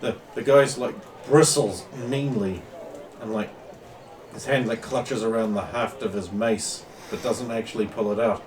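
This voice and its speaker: A man's voice: lowish voice, a little slow, far from the mic, background noise. A man running a tabletop role-playing game as game master, narrating in a casual, rambling way.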